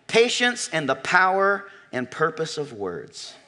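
Bright-voiced preaching man. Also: a little high, big pitch swings. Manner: emphatic preaching, rising to near-shouts, slowing for stress. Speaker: pastor. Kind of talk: sermon. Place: church sanctuary.

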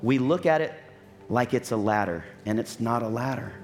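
A man preaching a sermon as pastor, telling stories and acting out what people said, with lively asides. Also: mid-range voice, normal speed, faint music behind. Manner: storytelling with acted-out quotes and lively asides.

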